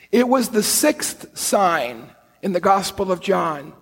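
A husky, fairly high-pitched male voice delivers an earnest sermon, slowing down to stress key points. The sound carries a long reverb, like a church hall. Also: big pitch swings, fairly bright tone. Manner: earnest storytelling preacher, slow deliberate emphasis. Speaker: priest.

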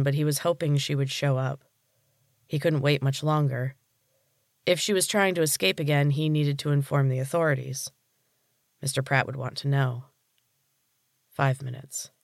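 A man narrating a story as a podcast reader with a steady storytelling read. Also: mid-range voice, creaky, no echo, studio quality. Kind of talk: scripted audiobook narration.

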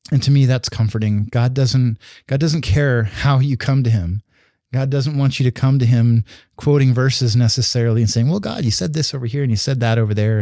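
A man's voice: mid-range voice, dark tone, dry recording, studio quality. A man preaching a sermon in an earnest, conversational way, with restarts and fillers. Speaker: pastor.

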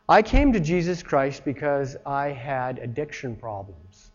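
A man's voice: mid-range voice, sing-song, a little slow. A man preaching a sermon in an earnest, plain-spoken way, talking straight to his listeners and acting out voices when he quotes someone. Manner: acts out voices when quoting. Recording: dull sound with long reverb.

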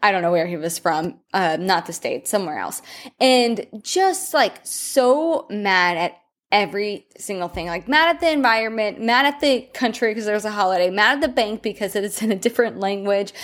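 A woman's voice: mid-range voice, fairly bright tone. A woman nutrition coach hosting her own podcast, telling a personal story in a chatty, meandering way.

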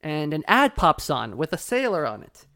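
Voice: medium pitch, normal speed. A podcast co-host chatting casually and swearing while recapping a cartoon episode. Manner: chatty, casual, profane, lively storytelling.

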